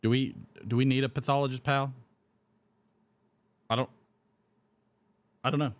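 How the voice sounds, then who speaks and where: A man's voice: medium pitch, steady tone, moderate pace. A man hosting a live pipe-smoking stream, chatting casually, rambling and reading comments aloud while he smokes. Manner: rambling, reads chat comments aloud and chuckles.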